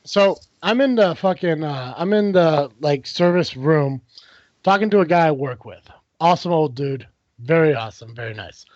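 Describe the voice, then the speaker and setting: A man with a fairly high voice tells a workplace story in casual podcast chat. He swears freely and puts on the other people's lines as he goes. The sound is dull and dry, like a lo-fi home podcast mic. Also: animated, moderate pace, darkish tone, dry recording. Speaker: podcast co-host telling a story.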